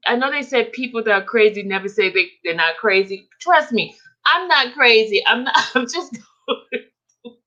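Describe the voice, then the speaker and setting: Woman, livestream host, chatty, teasing, keeps laughing, high voice, slightly muffled audio. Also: expressive, normal speed, sharp tone. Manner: giggly, keeps laughing while talking to the chat. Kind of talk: casual livestream chat.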